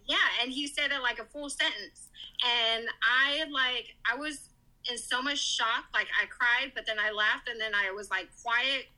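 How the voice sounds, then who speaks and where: A woman's voice: a little high, a little slow, rough recording. A mother as a podcast guest, telling an emotional story and acting out what others said. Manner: animated, quoting others in lively voices.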